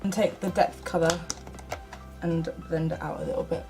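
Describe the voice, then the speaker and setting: A woman's voice: deep voice, little pitch movement, moderate pace, music in the background, rough recording. A young woman from the UK chatting casually through a makeup tutorial, self-mocking and often half-muttering to herself. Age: young adult. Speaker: beauty vlogger.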